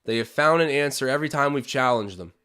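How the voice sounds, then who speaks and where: A young man from Canada hosting a live basketball watch-along, calling plays and chatting with his viewers, animated and swinging from hype to groans. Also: mid-range voice, fast talker, smooth. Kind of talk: excited live game commentary with chat.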